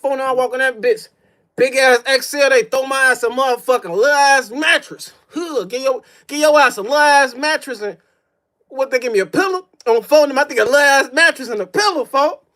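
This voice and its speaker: A man's voice: extremely high pitch, brisk, sharp tone. A young man telling a personal story on a livestream, in a profane, slang-heavy way with mouth sound effects. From Chicago. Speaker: streamer.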